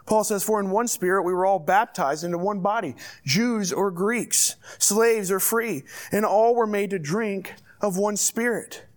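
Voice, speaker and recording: A man's voice: high-pitched, unhurried, hardly any pauses. A man preaching a sermon as pastor, reading scripture and urging his church in an earnest, direct way.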